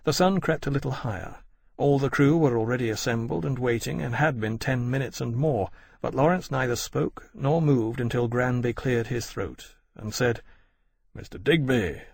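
A man narrating an audiobook in an even, measured storytelling way. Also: medium pitch, creaky, no echo. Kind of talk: scripted narration.

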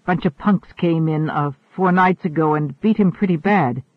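A man voicing a big, loyal young working man who talks in a gruff, folksy, plain way. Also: a little high, normal speed, dry recording, natural voice. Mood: worried. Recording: narrow phone-like sound.

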